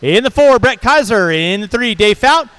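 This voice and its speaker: High-voiced jokey race announcer man. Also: expressive, fairly bright tone, clear, resonant tone, no echo, rough recording. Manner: brisk, jokey, calls names in quick runs. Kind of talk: live race commentary.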